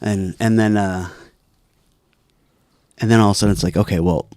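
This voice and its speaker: A man's voice: fairly low pitch, steady tone, moderate pace, darkish tone, no echo, clean studio sound. A man co-hosting a podcast, telling a long story in a rambling way with lots of restarts and laughs. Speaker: podcast co-host. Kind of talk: casual storytelling chat.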